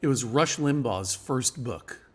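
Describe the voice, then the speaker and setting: A man's voice: mid-range voice, expressive, unhurried, husky. Wry rambling man telling stories. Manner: wry, rambling storyteller with frequent laughs. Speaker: guest. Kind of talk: casual live chat.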